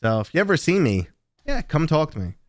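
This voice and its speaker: A man with a New York accent, hosting a casual livestream and chatting with viewers in a talkative, relaxed way. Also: on the high side, fairly quick, dry recording, clean studio sound. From New York City. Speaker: livestream host.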